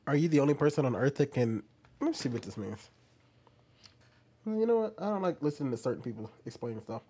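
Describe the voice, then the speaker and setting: A man's voice: mid-range voice, expressive, quick pace, dark tone, husky. Argumentative man asking rhetorical questions. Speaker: commentator. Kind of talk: reaction commentary.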